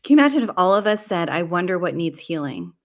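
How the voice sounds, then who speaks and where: A woman's voice: fairly low pitch, sing-song, fast talker. A woman hosting a conversational interview, chatty and enthusiastic, reacting keenly to her guest. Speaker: podcast host.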